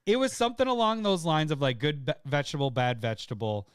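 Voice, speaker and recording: Guy on a podcast telling a funny story, laughs a lot, smooth clear voice, dry close sound. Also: on the high side, fast talker, no room sound. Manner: laughing, animated storyteller who shouts impressions of friends. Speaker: podcast co-host. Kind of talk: casual chat, storytelling.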